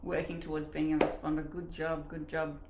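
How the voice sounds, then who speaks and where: Animated woman coaching in an echoey room. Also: low voice, a little fast, heavy background noise. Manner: animated and chatty, acting out inner voices. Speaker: mindset coach. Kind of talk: live online coaching session.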